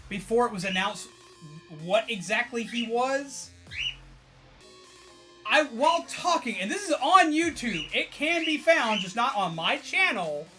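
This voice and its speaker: A high, bright male voice chatting away to his stream audience. He is excitable and a bit tired, swears freely and breaks into laughs as he rambles. Faint music hums behind him. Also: a little slow. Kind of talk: casual chat to viewers.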